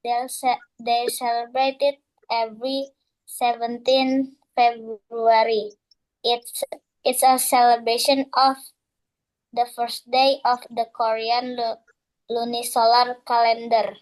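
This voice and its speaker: A woman student reciting a short class presentation in English, halting and stumbling over words. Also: fairly high pitch, little pitch movement, rough recording.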